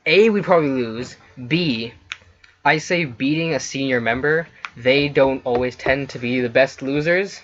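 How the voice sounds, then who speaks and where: A man's voice: mid-range voice, unhurried, fairly bright tone. Guy reading out a text game for his video then talking it over casually, kinda lo-fi audio. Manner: reads story text then chats casually. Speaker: let's play host. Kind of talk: reading interactive fiction aloud.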